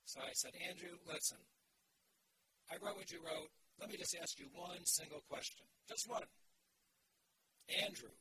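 A man's voice: on the high side, expressive, fairly quick, background noise. A man giving a sermon to a live group, lecturing emphatically and telling stories in asides. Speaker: preacher.

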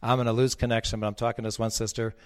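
A man's voice: lowish voice, level tone, racing. A man speaking as a bishop, telling stories in a blunt, emphatic preaching talk that repeats its points.

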